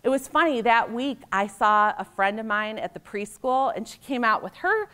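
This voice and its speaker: A woman's voice: on the high side, animated, normal speed, bright, forceful tone, clean tone. A middle-aged American woman giving a conference keynote, telling personal stories in a conversational way and acting out the voices in them. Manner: anecdotal, conversational, acts out quoted voices. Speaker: keynote speaker.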